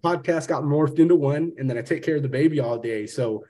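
A podcast host with a voice on the high side and a dark tone talks fairly quickly. In a casual interview chat, he rambles, swears freely and calls his guest "brother."

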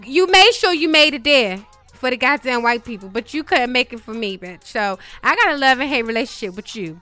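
A woman's voice: high-pitched, sharp tone. A young woman, ranting brashly about celebrities with heavy swearing and sass. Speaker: commentator. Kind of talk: profane celebrity gossip rant.

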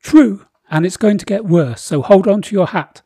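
A carefree, guffawing king from a comic storybook, bellowing his lines high and loud, as a man puts him on. The voice is dark and husky, recorded dry and close. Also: normal speed, no echo. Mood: boisterous. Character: jolly blustering male king, careless and guffawing.

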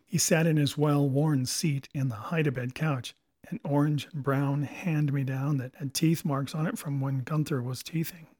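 A man narrating a novel as an audiobook in a steady storytelling manner, recorded on a close microphone. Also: on the high side, moderate pace, no echo.

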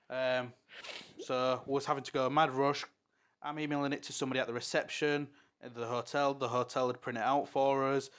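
A man's voice: medium pitch, flat delivery, brisk, clear, resonant tone. A young man with a Hull accent, co-hosting a podcast and telling stories in casual chat, laughing and swearing freely. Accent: Hull English. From England. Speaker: podcast co-host.

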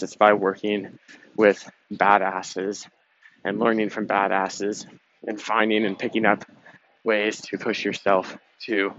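A man's voice: fairly low pitch, fairly bright tone, dry recording. A young man hosting a podcast, talking in a casual, emphatic, motivational way with some swearing. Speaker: podcast host. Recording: dull lo-fi sound with faint noise.

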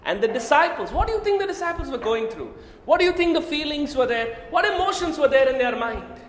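A man's voice: very high-pitched, big pitch swings, brisk, a little hiss or hum. A man preaching a sermon, asking the congregation questions and often raising his voice for emphasis. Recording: echoey hall.

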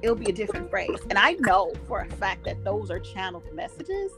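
A woman in casual podcast chat, animated and profane, laughing often as she talks. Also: mid-range voice, brisk, music in the background.

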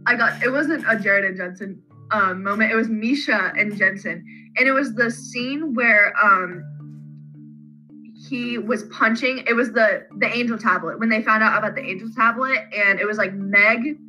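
A woman co-hosting a casual fan podcast, retelling scenes in a rambling, animated way. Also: on the high side, moderate pace, faint music behind, poor audio. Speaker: podcast co-host.

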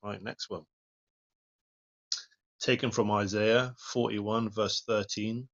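A man's voice: lowish voice, little pitch movement, slow, a bit bright. Earnest man preaching, lo-fi. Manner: earnest, plain-spoken, reads verses then comments. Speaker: lay preacher. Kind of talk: informal devotional talk.

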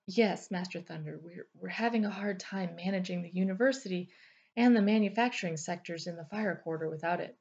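A jittery little male counselor in a fantasy audiobook, stammering and bowing to his master, as a woman narrator puts him on. Low-set voice on a slightly muffled recording. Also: a little fast, darkish tone, lightly acted. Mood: nervous. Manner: nervous, stammering, deferential.

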